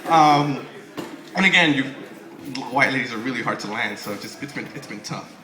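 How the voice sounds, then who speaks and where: A young comedian performs stand-up on a club stage, rambling, swearing and tripping into restarts. His mid-range voice has lively intonation at a normal speed. Laughter and crowd noise fill the echoey room.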